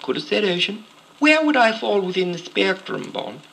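A man's voice: high voice, huge pitch swings, normal speed, gravelly, fairly bright tone, slight background noise, exaggerated voice, low-quality recording. An actor playing a pompous, affected spymaster obsessed with his own Britishness, in a comedy sketch. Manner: pompous, affected upper-class.

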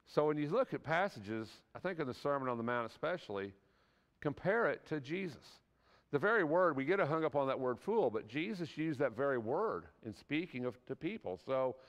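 A man's voice: medium pitch, long reverb tail. A man teaching a church class in a conversational sermon style, earnest and folksy, often asking the class rhetorical questions.

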